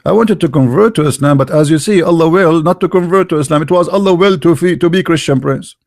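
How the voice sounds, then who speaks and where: A man's voice: fairly high pitch, fast, darkish tone, no room sound. Sarcastic man, dry close sound. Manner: incredulous, sarcastic; speaks English as a second language. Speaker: online religion critic. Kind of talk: mocking commentary on a text.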